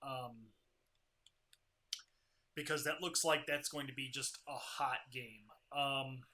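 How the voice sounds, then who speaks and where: Bright-voiced man ranting about games. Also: mid-range voice, fairly even intonation, takes it slowly. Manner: opinionated, rambling game news commentary. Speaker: co-host. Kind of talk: casual gaming podcast chat.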